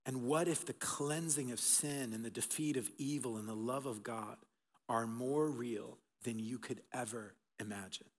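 A middle-aged man preaching an Easter sermon as pastor, swinging between loud emphatic bursts and soft, hushed passages. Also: mid-range voice, normal speed. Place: church auditorium. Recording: long reverb of a large hall.

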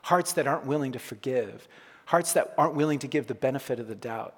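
A male pastor giving a conversational, jokey sermon with bursts of loud emphasis, to a congregation in a church. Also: medium pitch, quick pace, slightly rough. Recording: long hall reverb.

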